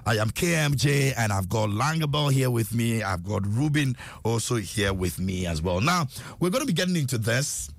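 A man hosting a radio show, playful and chatty and quick to laugh. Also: mid-range voice, animated, vocal fry, no echo. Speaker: radio host. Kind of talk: lively radio banter. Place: radio studio.

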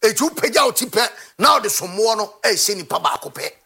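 High, husky, fiery man ranting. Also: expressive, fast, sharp tone. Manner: fiery, ranting, sometimes half-sung. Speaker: football talk show host. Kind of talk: impassioned commentary.

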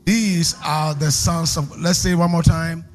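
A man's voice: a little high, fairly even intonation, unhurried, faint music behind. A man preaching a sermon as a pastor, emphatic and calling for responses from the congregation.

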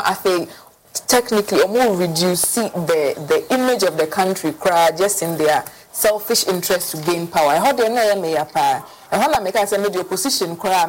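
A woman's voice: on the low side, a little hiss or hum, low-quality recording. A woman with a Ghanaian accent arguing politics on a radio talk show, mixing English and Twi. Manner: animated, argumentative, mixes English and Twi.

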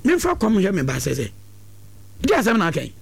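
A man giving lively, preachy advice on a talk show, sometimes breaking into shouts. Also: high voice, quick pace, creaky, husky.

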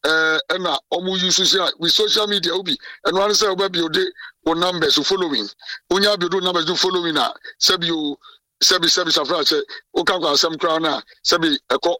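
A man's voice: a little high, steady tone, a little fast, bright, forceful tone, dry recording. Emphatic Ghanaian man, far from the mic. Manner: code-switching, emphatic, frequent restarts. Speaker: president of a journalists' association. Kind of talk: radio interview.

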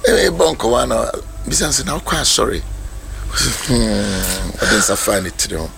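A man's voice: mid-range voice, a little slow, creaky, slight background noise. A man preaching as pastor, telling stories and switching between Twi and English, acting out the voices of people he met. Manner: animated storyteller, mixes Twi and English, acts out voices. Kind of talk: sermon talk on mentorship.

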